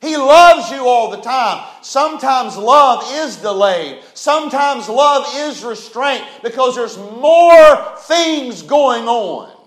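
Male preacher, very high voice, folksy and emphatic, echoey church. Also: lively intonation, slow, hardly any pauses. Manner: folksy, emphatic, rising to shouts. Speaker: pastor. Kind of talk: sermon.

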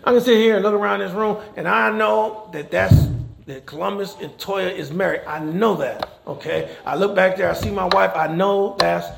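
A man delivers a conversational sermon, repeatedly checking in with "okay?". His voice is slightly high and gravelly. The church room is echoey, with faint noise in the background. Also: fairly even intonation, moderate pace. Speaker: pastor and chaplain. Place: church sanctuary.

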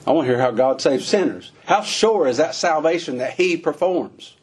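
A man's voice: on the high side, expressive, moderate pace, few pauses, darkish tone, slightly rough. A man preaching a sermon in a folksy, questioning way, using plain rural phrasing and asking lots of rhetorical questions.

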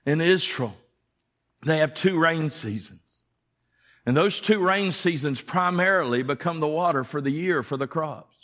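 Pastor, male, high and bright voice, impassioned and repetitive, addresses the congregation directly. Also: measured pace. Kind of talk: sermon.

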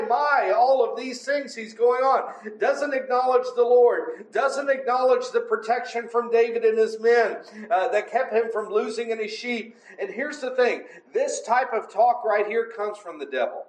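Speaking at normal speed with few pauses, a very high-voiced man delivers conversational Bible teaching. He presses his points emphatically and keeps asking "right?" and "amen?", all in a room with audible echo.

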